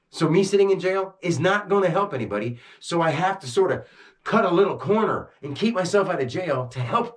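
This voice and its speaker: A man talking intensely to a camera, amped up and agitated, swearing and swinging between rushed bursts and slow, heavy emphasis. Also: a little high. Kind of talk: rambling talk to camera.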